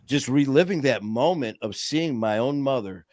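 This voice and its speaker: A man's voice: medium pitch, expressive, moderate pace, a little mellow, no room sound, clean studio sound. A man in casual podcast talk, earnestly telling a personal story.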